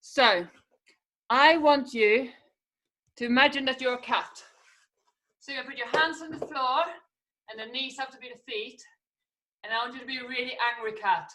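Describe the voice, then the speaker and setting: A woman's voice: sits high, normal speed, pauses often, pushed and bright. A woman teaching an online acrobatics class to children, calling out moves, counting and making animal sounds. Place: room at home, video class. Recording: echoey room, distant from the mic.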